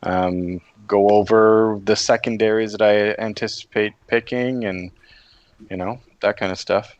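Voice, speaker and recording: A man's voice: lowish voice, fairly even intonation, unhurried, dry recording, muffled recording. A man co-hosting a podcast, speaking in a matter-of-fact way in casual chat. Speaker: podcast co-host.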